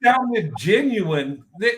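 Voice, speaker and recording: A man's voice: high voice, very animated, slow. A man in casual conversation who stumbles and restarts often and laughs easily. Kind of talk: casual chat.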